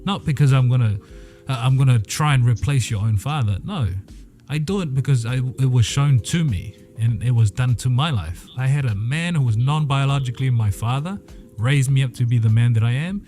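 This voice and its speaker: A man in a relaxed podcast conversation, earnest and reflective, voice sitting at an ordinary middle pitch. He talks from his own life as a stepfather, with faint music underneath. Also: brisk. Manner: earnest, reflective, speaks from personal experience. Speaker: podcast co-host. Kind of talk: casual panel discussion.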